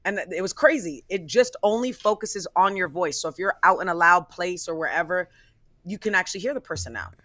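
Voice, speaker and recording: A woman's voice: fairly low pitch, a little fast, dry recording. A woman hosting a weekend radio show, chatting casually and acting out little stories with quoted voices. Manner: animated storytelling, acting out quotes. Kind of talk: casual chat. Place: radio studio.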